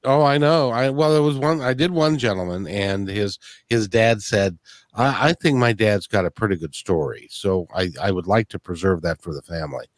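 A man's voice: fairly low pitch, normal speed, dry recording, clean studio sound. A man from the of the US hosting a podcast, chatting casually and often repeating words as he starts a thought. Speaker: podcast host. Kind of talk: casual interview chat.

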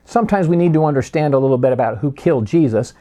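A pastor delivering a sermon, emphatic and slowing down for key phrases. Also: male voice, medium pitch, animated, mellow.

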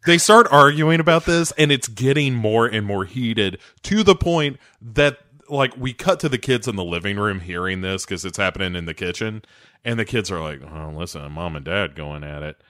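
A man's voice: mid-range voice, expressive, moderate pace, pushed and bright, no room sound, clean studio sound. A man co-hosting a podcast, casually recapping a TV episode, acting out the characters' lines and swearing freely. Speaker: podcast co-host.

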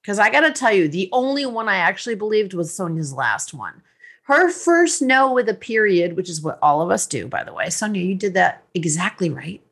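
A woman hosting a podcast as a life coach, talking in a lively, teasing and directive way. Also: medium pitch, moderate pace, breathy edge.

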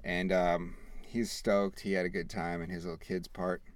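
A man in his thirties hosting a podcast, telling a family story in a rambling, animated way, acting out the quoted dialogue. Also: sits low, normal speed. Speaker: podcast host. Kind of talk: casual storytelling.

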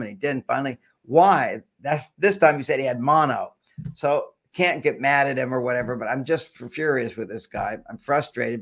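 A man's voice: mid-range voice, vocal fry, fairly bright tone. An older man, a guest author, explaining relationship ideas with generalizations and stories in a talk show interview.

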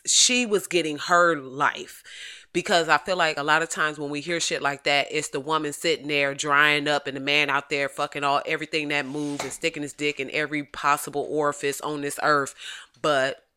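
A woman hosting a podcast, chatting casually about celebrity gossip in an animated, profane, joking way and laughing often. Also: low-pitched, moderate pace, smooth. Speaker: podcast host.

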